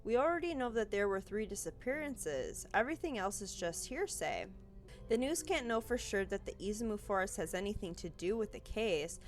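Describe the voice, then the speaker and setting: A woman's voice: mid-range voice, animated, moderate pace, soft background music. A woman playing through a visual novel, reading the narration aloud and reacting anxiously, swearing casually. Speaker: game streamer.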